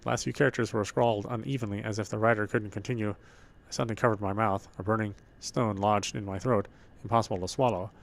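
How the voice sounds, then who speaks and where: A man reading a game's story text aloud while playing, slow and heartfelt, with stumbles and restarts. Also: lowish voice, fairly even intonation, gravelly. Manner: reads slowly with feeling, stumbles and restarts. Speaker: gameplay streamer.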